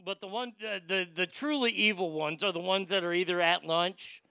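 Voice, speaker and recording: A man's voice: sits high, moderate pace, creaky, sharp tone, clear, resonant tone, no echo. A man hosting a comedy podcast, ranting bluntly and profanely while answering listener mail. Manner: blunt, swearing, riffing storyteller. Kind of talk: profane comedic advice rant.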